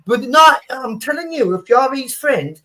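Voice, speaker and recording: A man hosting a live stream, blunt and sweary, talking fast and getting worked up. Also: very high-pitched, expressive, sharp tone. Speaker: stream host. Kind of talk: casual chat on a live stream.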